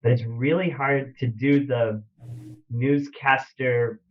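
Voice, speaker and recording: A man's voice: mid-range voice, steady tone, slow pace, recorded from a distance, lo-fi sound. A man, a film director guest, chatting enthusiastically on a podcast and laughing easily. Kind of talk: casual chat.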